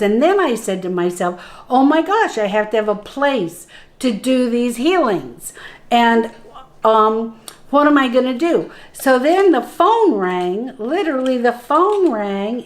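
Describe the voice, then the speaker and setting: A middle-aged woman, a spiritual guide, telling a personal story in conversation, acting out what others said and laughing along the way. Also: fairly high pitch. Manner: animated, acts out quoted voices, laughs while telling.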